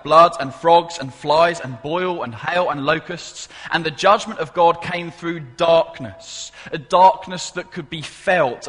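Emphatic preacher in a reverberant hall. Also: male voice, a little high, fairly bright tone. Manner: emphatic, repeats key phrases, asks the congregation questions. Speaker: pastor. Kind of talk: sermon. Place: church service.

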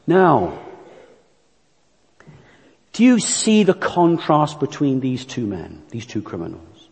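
A man preaching a sermon, earnest and deliberate, walking listeners through illustrations. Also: medium pitch, huge pitch swings, creaky, a little mellow, breathy edge. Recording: long church reverb.

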